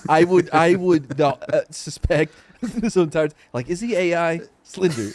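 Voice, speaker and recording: A man's voice: on the high side, lively intonation, unhurried, darkish tone, dry recording. A man who is a guest on a movie podcast, joking around and laughing often in casual chat.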